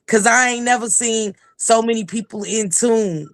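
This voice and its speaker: A woman's voice: a little high, normal speed, dry recording. Woman guest on a stream call, casual rambling chat, lots of you knows, dry sound. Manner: rambling, with many restarts and fillers. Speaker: guest on a livestream.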